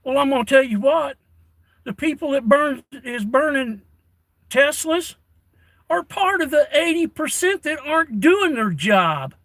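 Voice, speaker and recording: A man's voice: extremely high pitch, lively intonation, a little slow, a bit bright, no room sound, rough recording. An older man chatting casually on a livestream, folksy and given to rants, reading his chat off a tablet. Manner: folksy, ranting. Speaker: live streamer.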